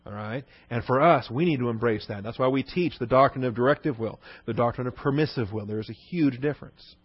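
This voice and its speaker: A man's voice: medium pitch, a little fast, breathy edge, no room sound. Emphatic preaching man, dull dry recording. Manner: emphatic, rhetorical questions, repeats key points. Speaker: pastor. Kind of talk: expository sermon.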